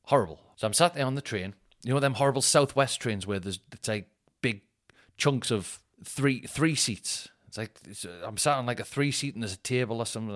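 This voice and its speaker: A man's voice: on the low side, a bit bright. A man, a stand-up comedian and podcast host, telling rambling, sweary stories and laughing at himself. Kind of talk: casual comic storytelling.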